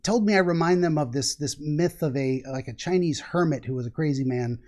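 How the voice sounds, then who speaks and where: A middle-aged man hosts a podcast in a loose, rambling way, chuckling often between thoughts. His voice sits a touch high for a man. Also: brisk, darkish tone. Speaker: podcast host. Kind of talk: casual conversation.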